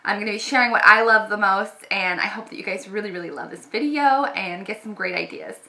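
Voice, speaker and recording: A woman's voice: medium pitch, fairly quick, bright, forceful tone. A woman beauty vlogger giving a casual, upbeat makeup tutorial, chatty and full of fillers.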